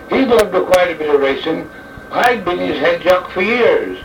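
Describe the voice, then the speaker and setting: A man's voice: fairly high pitch, expressive, slight background noise. Man reciting a theatrical verse tale. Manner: theatrical, slow and deliberate delivery. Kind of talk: dramatic verse recitation as an old jockey. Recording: echoey, distant, dull old recording.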